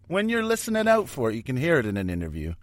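Sweary, joking man with a lively voice. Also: medium pitch, quick pace, no echo, clean studio sound. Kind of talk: casual chat.

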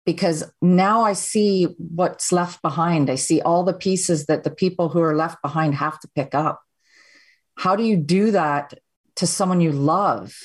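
A woman's voice: on the low side, a little slow, husky. A Canadian woman, a podcast guest, candidly and steadily recounting her personal story.

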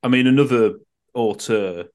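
A man's voice: mid-range voice, moderate pace, darkish tone. A man giving opinions in a casual film podcast chat. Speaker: podcast co-host.

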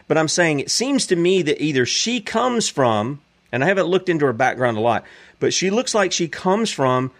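A man hosting a show, giving emphatic preacherly commentary. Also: fairly high pitch.

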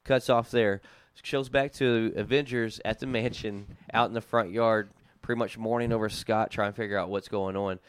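A young man with a Southern US drawl recaps the story for his podcast co-hosts, animated and quick to laugh. His voice sits low, smooth and resonant. The sound is dry and close. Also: no echo. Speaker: podcast co-host recapping comics. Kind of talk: casual chat.

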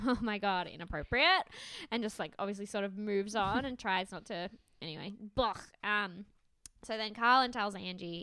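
A woman co-hosting a casual podcast, recapping a show in lively chat and acting out quoted lines, swearing freely. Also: medium pitch, smooth, no room sound.

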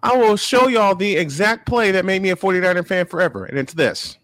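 A man from Chicago hosting a casual sports chat, animated and quick to laugh. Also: high-pitched, background noise. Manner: lively, animated, laughs often. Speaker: host.

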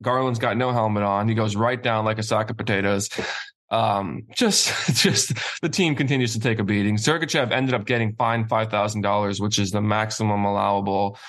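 A man's voice: on the low side, steady tone, brisk, a bit bright. A man hosting a casual hockey talk show, building his points by repeating phrases and sounding incredulous.

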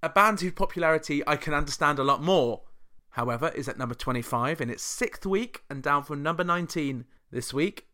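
Snarky, bright-voiced male chart show host. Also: a little high, animated, a little fast. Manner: snarky, sarcastic and chatty. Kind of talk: casual commentary.

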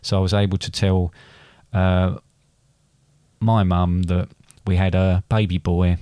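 Hesitant man, low dry voice. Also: flat delivery, a little slow, warm tone, clear, resonant tone, dry recording. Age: middle-aged. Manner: hesitant, repeats words, gets choked up. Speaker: podcast co-host, father. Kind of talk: casual storytelling chat.

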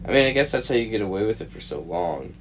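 A man's voice: on the low side, big pitch swings, quick pace, slight background noise. A man co-hosting a podcast, chiming in with jokes and casual banter and swearing freely. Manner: joking, wisecracking interjections, swears freely. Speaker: podcast co-host.

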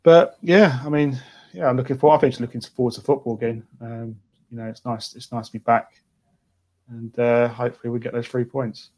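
Hesitant man, flat delivery. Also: medium pitch, brisk. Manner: hesitant, many ums, restarts. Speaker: guest, fan channel presenter. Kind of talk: casual podcast interview.

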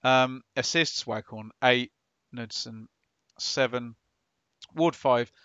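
A man's voice: mid-range voice, pushed and bright, smooth, no room sound. Man reeling off football stats. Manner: reads out stats in quick lists. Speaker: podcast co-host. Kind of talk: casual football podcast chat. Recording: dull lo-fi dry recording.

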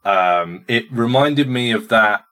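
A man's voice: mid-range voice, expressive, slow pace, pushed and bright. A man co-hosting a podcast, sharing his reactions to music in a casual, hesitant way, with frequent restarts and filler sounds.

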